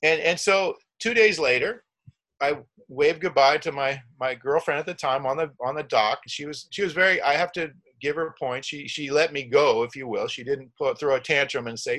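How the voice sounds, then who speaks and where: A man's voice: medium pitch, normal speed, a bit bright. A middle-aged man telling a long travel story in a rambling way, with many restarts and acted-out quotes. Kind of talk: casual storytelling.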